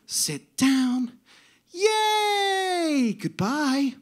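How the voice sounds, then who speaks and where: A man's voice: very high-pitched, very animated, extremely slow, pitched above the performer's own voice, full character voice. Man doing a bubbly young woman, water-slide attendant, sing-song cheers, bouncy swooping voice. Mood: chirpy.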